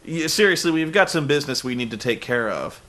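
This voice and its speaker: A man's voice: fairly high pitch, lively intonation, fairly quick, a bit bright. A man voicing a scheming male wrestling boss with a blunt, mocking delivery.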